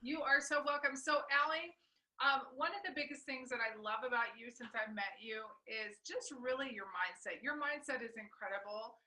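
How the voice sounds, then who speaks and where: Woman host, enthusiastic, bright voice, higher pitch. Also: moderate pace, poor audio. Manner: gushing, enthusiastic. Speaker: podcast host. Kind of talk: interview hosting.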